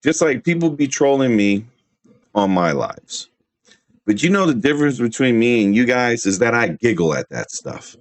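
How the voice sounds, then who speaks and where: A man's voice: medium pitch, dry recording. A man ranting on his livestream in a brash, rambling, trash-talking way, full of restarts. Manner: laughs at his own jokes. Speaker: streamer. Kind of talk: casual livestream rant.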